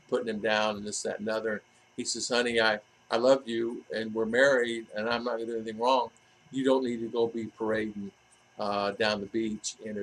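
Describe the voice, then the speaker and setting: A man's voice: medium pitch, a bit bright, rough recording. A man vlogging in a casual, rambling monologue, often restarting his sentences and adding asides. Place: living in the Philippines.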